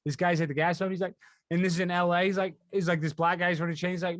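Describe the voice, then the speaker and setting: A man's voice: on the high side, no echo, studio quality. A man hosting a podcast in casual chat, rambling with frequent restarts. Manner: rambling, restarts often, fast excitable talk. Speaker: podcast host.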